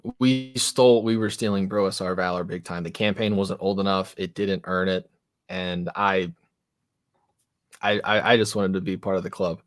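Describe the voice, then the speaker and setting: A man's voice: low-pitched, fairly even intonation, normal speed, no echo, studio quality. A man hosting a casual live-stream chat about tabletop games, rambling and self-deprecating. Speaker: podcast host and game master.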